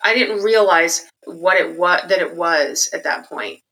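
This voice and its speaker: A middle-aged woman telling her life story candidly and reflectively, growing animated when she quotes others. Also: on the low side, a little slow, poor audio. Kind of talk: personal storytelling interview.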